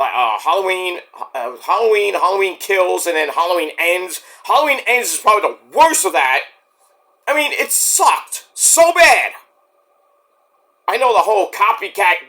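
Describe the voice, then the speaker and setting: A man's voice: high-pitched, bright, forceful tone. A man hosting a casual solo podcast, rambling and swearing freely as he loses his thread. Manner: rambling and profane, trailing off. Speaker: podcast host.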